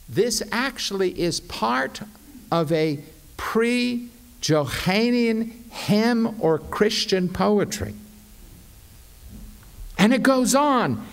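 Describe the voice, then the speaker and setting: Male pastor, sermon, slow and emphatic, fairly high voice. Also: lively intonation, vocal fry. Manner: emphatic, deliberate teaching delivery.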